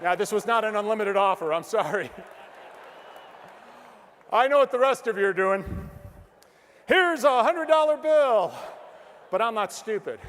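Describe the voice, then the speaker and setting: A middle-aged man speaks on a stage in a high voice, telling stories to a crowd and asking them questions. His voice carries a long reverb from a large hall. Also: moderate pace, long pauses, a little hiss or hum. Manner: energetic storytelling, acts out quotes, asks the crowd questions. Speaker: motivational speaker. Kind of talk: motivational stage speech.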